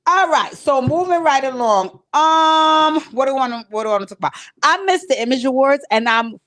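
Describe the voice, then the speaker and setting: A woman's voice: sits high, animated, fairly quick, fairly bright tone. Woman host, casual live stream from home, direct and emotional with viewers. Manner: emotional, talks to viewers directly, tearful at times. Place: home recording space.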